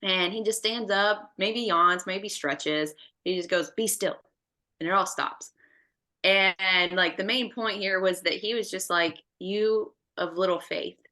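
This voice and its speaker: A woman's voice: mid-range voice, measured pace, bright, forceful tone. A woman co-hosting a faith podcast, telling a story animatedly and acting out the voices in her retelling. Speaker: podcast co-host.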